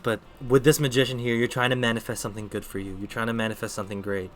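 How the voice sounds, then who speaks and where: A man's voice: medium pitch, level tone, very fast, faint music behind. A man streaming live, giving casual tarot readings and chatting with viewers, thinking aloud with lots of fillers. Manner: talks to chat between readings.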